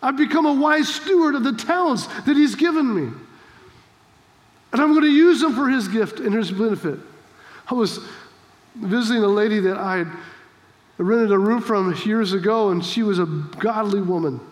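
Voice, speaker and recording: A man's voice: high voice, normal speed, in a large hall. A man preaching a sermon as pastor, fervent and exhorting, telling stories to make his points. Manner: fervent, exhorting, with storytelling asides.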